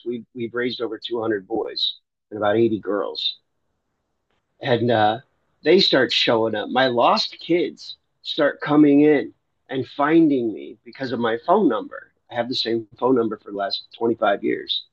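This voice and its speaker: A man's voice: medium pitch, no echo, dull audio. A middle-aged man sharing a personal faith testimony in a loose, rambling storytelling way, often restarting his sentences. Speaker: Christian livestreamer and foster parent.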